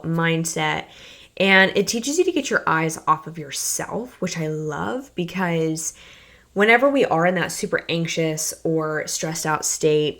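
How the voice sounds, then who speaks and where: A young woman hosting her own podcast, talking candidly and emotionally about her life, with many fillers like "like" and "you guys". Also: lowish voice. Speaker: podcast host and health coach. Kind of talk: personal podcast monologue.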